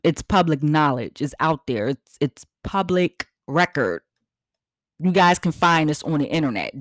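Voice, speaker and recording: A woman's voice: low voice, expressive, measured pace, no room sound, studio quality. A woman hosts a podcast in a blunt, profane, repetitive rant. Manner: profane, blunt, repeats herself for emphasis. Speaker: podcast host. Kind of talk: casual ranting monologue.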